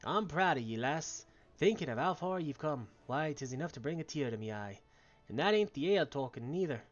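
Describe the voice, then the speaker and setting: Man doing a bawdy old barkeep, gruff, high and loud, dull audio. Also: animated, a little fast, faint music behind, natural voice. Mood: boisterous. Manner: rowdy, boisterous, full of slang. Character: bawdy old male tavern keeper, jovial and gruff.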